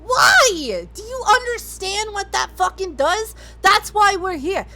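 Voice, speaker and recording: A woman playing a tabletop game, ranting and swearing loudly as her character. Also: extremely high pitch, very animated, a little slow, few pauses. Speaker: player.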